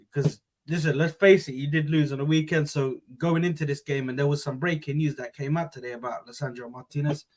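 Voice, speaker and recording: Male host, casual football stream, high-ish voice, energetic banter. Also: poor audio. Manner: excitable, banters with fillers like "bro" and "listen".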